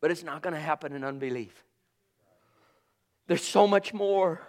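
A man preaching a sermon with passion, swinging from loud calls to hushed asides. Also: fairly high pitch, moderate pace.

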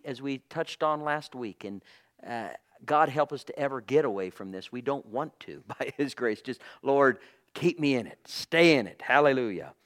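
A man preaching a fervent sermon, moving between hushed low passages and loud, emphatic proclaiming with repeated phrases and bursts of praise. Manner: fervent, punctuated with praise exclamations.

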